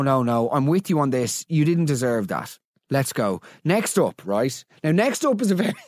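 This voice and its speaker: An Irish man with a Dublin accent, hosting a comedy podcast and reading out listener stories. He rants with exasperated, sarcastic disbelief and swears freely. The sound is dry and close, with no room echo. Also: on the high side. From Ireland. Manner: exasperated, sarcastic, profane ranting. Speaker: podcast host.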